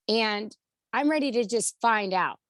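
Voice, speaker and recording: A woman giving enthusiastic feedback on a video call, speaking emphatically with a hoarse, gravelly voice. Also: on the high side, lively intonation, takes it slowly, no echo. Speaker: community member giving feedback.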